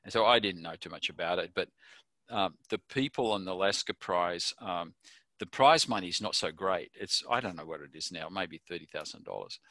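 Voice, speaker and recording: A man's voice: sits low, normal speed, sharp tone, no room sound. An older Australian man being interviewed, telling a chatty anecdote and chuckling at his own story. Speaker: interview guest.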